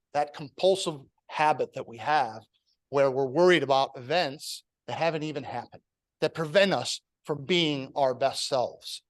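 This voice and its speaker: His voice a little high, a man leading a public-speaking club session gives an earnest, measured speech he has prepared before handing off to the next speaker.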